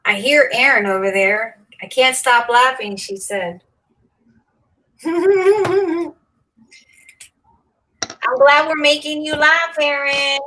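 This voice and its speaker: A woman's voice: high-pitched, slow pace, pauses often, bright, forceful tone, poor audio. A woman in her fifties hosting a craft livestream, chatting casually, laughing often and greeting viewers by name. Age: 50s.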